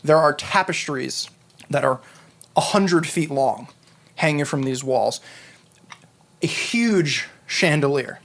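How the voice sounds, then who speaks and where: Male game master, fairly high voice, unhurried scene-setting narration. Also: animated, gravelly, a bit bright. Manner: descriptive, unhurried, many fillers.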